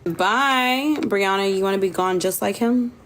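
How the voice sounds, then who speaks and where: A woman's voice: mid-range voice, a little slow, fairly bright tone, slight background noise. A woman ranting bluntly in slang on a livestream. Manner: blunt, slangy, trash-talking. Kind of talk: livestream chat rant.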